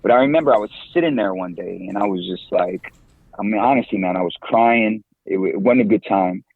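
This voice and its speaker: A man in his forties, a podcast guest and campus minister, talking in a lively, slangy way and laughing often. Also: on the low side, a little fast, husky, no echo. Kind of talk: casual interview talk. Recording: tinny phone-like line, dry.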